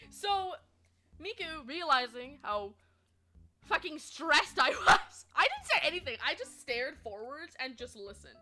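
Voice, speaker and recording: A young woman streamer telling stories to her chat in a chatty, animated way, swearing freely and laughing often. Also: sits high, unhurried. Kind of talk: casual storytelling to chat.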